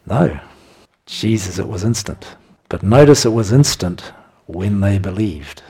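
A man's voice: lowish voice, expressive, a little slow, warm tone, slightly rough. A man preaching a sermon in a conversational way, reading scripture and chuckling between his points.

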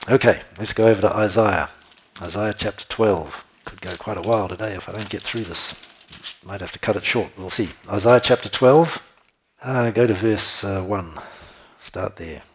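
A man's voice: lowish voice, moderate pace, a little hiss or hum. A man preaching a sermon, reading scripture aloud and commenting with frequent laughter.

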